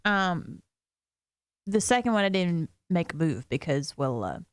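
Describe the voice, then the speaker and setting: A woman's voice: lowish voice, very animated, a little slow, no room sound. A woman co-hosting a morning radio show, wry and self-deprecating in casual banter. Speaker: radio co-host. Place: radio studio.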